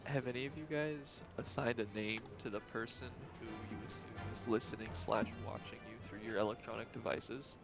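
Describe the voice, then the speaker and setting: A man's voice: fairly low pitch, steady tone, moderate pace, gravelly, hardly any pauses, music in the background. A man joining a voice chat, making dry jokes. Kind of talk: casual voice chat.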